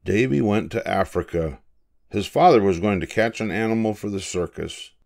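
An older man reading a children's picture book aloud, slow and expressive like a grandfather. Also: on the low side, gravelly. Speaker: storybook reader.

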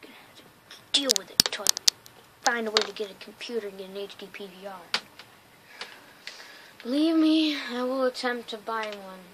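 A woman giving excitable, chatty, jokey let's play commentary over a game. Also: medium pitch, fairly quick, background noise. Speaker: gamer.

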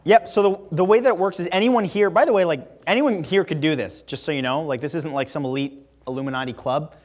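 Chatty young man, slightly high voice. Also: fast, a little mellow. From Canada. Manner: casual, chatty, lots of "like" fillers. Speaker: guest speaker. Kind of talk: campus talk with Q&A. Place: lecture room at a college campus.

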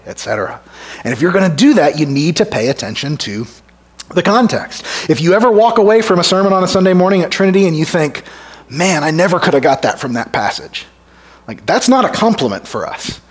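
A male pastor preaching an expository sermon in a conversational way, asking the congregation rhetorical questions and dropping to a hush for emphasis. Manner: drops to a hushed low voice for emphasis. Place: church sanctuary.

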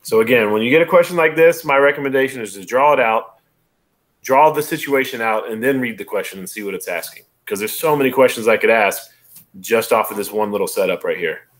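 A man's voice: mid-range voice, a little fast. A male instructor running a casual online exam review, explaining step by step and often checking in with "right?". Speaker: college biology instructor.

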